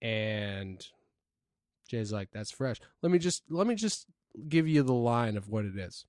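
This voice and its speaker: A man's voice: fairly low pitch, very animated, a little slow, a little mellow, no room sound, studio quality. A man co-hosting a podcast, telling a loose, rambling story in casual chat full of fillers. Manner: laid-back, rambling storytelling with frequent fillers. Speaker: podcast co-host.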